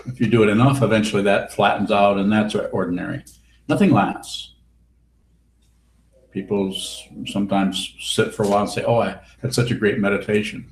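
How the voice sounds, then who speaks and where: A male Buddhist teacher with a fairly low voice speaks in a blunt, wry, teasing way as he fields questions. He sounds like he is in a roomy meditation hall, with a faint hiss underneath. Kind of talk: dharma talk with questions.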